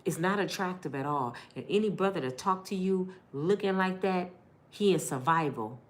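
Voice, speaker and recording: A middle-aged woman vlogger giving heartfelt life advice in an animated, preachy big-sister way. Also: on the low side, moderate pace.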